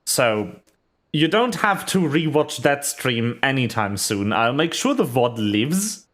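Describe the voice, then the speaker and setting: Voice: mid-range voice, a bit bright. A VTuber streamer giving rambling, chatty commentary while playing, full of fillers and small laughs. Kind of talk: casual game stream commentary.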